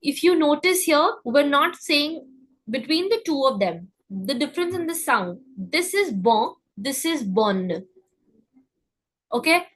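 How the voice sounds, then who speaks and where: Woman teaching pronunciation, higher voice. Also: expressive, fairly bright tone, low-quality recording. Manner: breaks words down, repeats them slowly, checks in with "okay?". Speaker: French teacher. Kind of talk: live online class.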